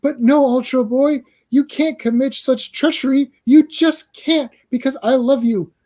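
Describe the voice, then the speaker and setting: A man's voice: very high-pitched, fairly even intonation, unhurried, dark tone, voice pushed up. A man voicing a lovestruck young superheroine from a comic, in a pleading, melodramatic manner.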